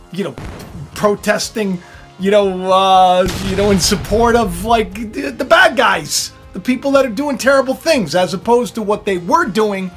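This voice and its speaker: Rambling man hosting a spiritual vlog. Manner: rambling, many fillers and restarts, swinging between low murmurs and loud outbursts. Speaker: spiritual video host. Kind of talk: casual rambling monologue.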